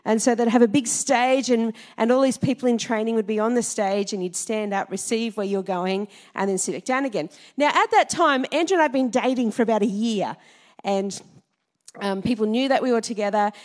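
In this church talk, a fairly high-voiced, middle-aged Australian woman who serves as a Salvation Army minister keeps things light. She chats, laughs between anecdotes, and keeps quizzing the people in front of her.

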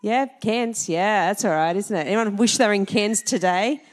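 A woman's voice: mid-range voice, moderate pace. A middle-aged Australian woman minister giving a chatty church talk, quizzing the congregation and laughing often. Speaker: Salvation Army minister.

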